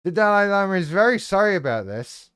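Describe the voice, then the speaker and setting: A man's voice: high-pitched, sing-song, a little fast, a bit bright, clear, resonant tone, no echo, studio quality. A man hosting a live stream, chatting casually in a rambling, irreverent, sweary way and reacting to viewers' comments.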